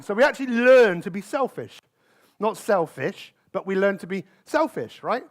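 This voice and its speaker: High-voiced man working a live crowd. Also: normal speed. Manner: lively, keeps asking the crowd questions. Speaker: motivational speaker. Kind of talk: live talk to an audience. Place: conference stage.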